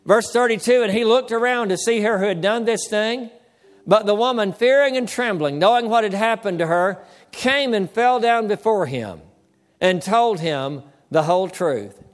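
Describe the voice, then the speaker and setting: A man with a high-pitched voice delivers a sermon as a pastor. He calls out for amens from the congregation and slows his pace to lean on the words that matter. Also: expressive, in a large hall. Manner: preaching with call-and-response, slowing to stress key words.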